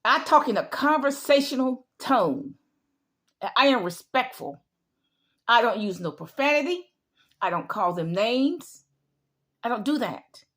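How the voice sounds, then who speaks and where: A woman's voice: a little high, animated, a little slow, pauses often, fairly bright tone. A middle-aged woman giving an emphatic opinion monologue, repeating her points in a lecturing way. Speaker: vlogger.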